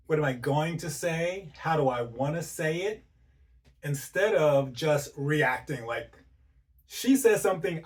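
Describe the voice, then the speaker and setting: A man's voice: fairly high pitch, far from the mic. A man giving relationship advice as a coach, speaking directly to the listener and repeating his points with rhetorical questions. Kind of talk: motivational advice talk.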